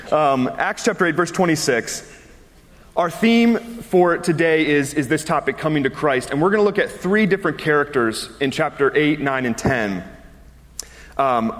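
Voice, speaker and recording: A man's voice: a little high, a bit bright. A man in his thirties, a pastor giving a chatty, conversational sermon and laughing easily between his words. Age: 30s. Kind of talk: conversational sermon with personal story. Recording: long reverb of a large hall.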